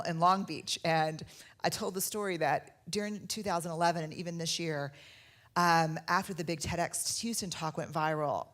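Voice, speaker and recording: Woman, keynote speaker, fairly low voice, wry, acts out quoted dialogue. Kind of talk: humorous storytelling talk.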